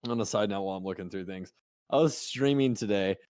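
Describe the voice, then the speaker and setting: A man's voice: lowish voice, fast talker, a little mellow, clean tone, no room sound, studio quality. A young man co-hosting an esports podcast, telling stories and ranting heatedly with constant swearing. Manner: heated and profane, storytelling with laughs. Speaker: podcast co-host and streamer. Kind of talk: casual chat.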